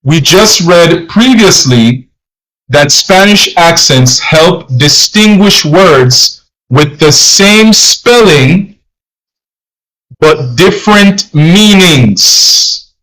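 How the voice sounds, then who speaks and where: A man's voice: fairly high pitch, expressive, drawn-out words, fairly bright tone, low-quality recording. A man teaching a live-streamed language lesson, patiently explaining and repeating phrases in Spanish and English.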